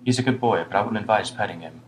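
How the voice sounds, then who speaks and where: A man's voice: fairly low pitch, fast, slight background noise, lightly acted, low-quality recording. A man voicing a weary, older homeless British man who rambles ruefully and reproaches himself. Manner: rambling, rueful, muttering at times.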